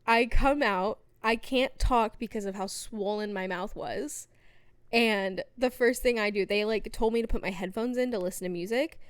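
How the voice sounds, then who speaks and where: A young adult woman, a podcast guest, telling stories in casual chat, animated and laughing often, with lots of fillers. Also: medium pitch, moderate pace, clean tone, dry recording.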